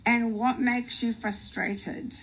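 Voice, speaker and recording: A woman's voice: on the high side, little pitch movement, slight background noise. A middle-aged woman hosting a morning radio show, chatting playfully with two guests in the studio. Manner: chatty, playful, quick asides. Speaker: radio host. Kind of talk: radio interview chat.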